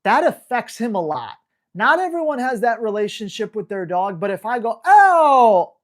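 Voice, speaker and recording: A woman dog trainer answering viewer questions on a live stream, in a brisk, slangy and blunt way. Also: medium pitch, expressive. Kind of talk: live Q&A, casual coaching.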